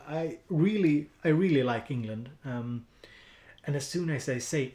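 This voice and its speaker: A man's voice: fairly high pitch, expressive, a little slow, darkish tone, reverberant. A man with a Swedish accent chatting casually on a music-production live stream, rambling with lots of fillers and restarts while he edits samples. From Sweden.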